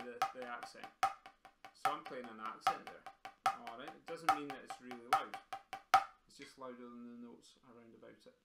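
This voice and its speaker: A man teaching a live drumming lesson over a video call, chatty and encouraging as he counts in and explains the exercises. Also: medium pitch. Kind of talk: live-streamed music lesson. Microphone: computer mic on a video call. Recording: roomy echo with faint drumming.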